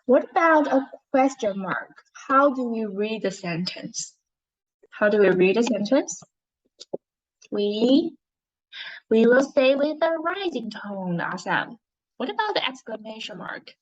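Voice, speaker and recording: Slow, patient woman teaching reading. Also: on the high side, sing-song, lo-fi sound. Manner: slow, patient, encouraging, modelling expression. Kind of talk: online English reading lesson for young learners.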